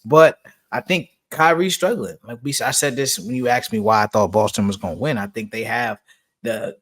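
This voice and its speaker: Male co-host, average pitch, relaxed slangy delivery. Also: moderate pace. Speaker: podcast co-host. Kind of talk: casual sports talk.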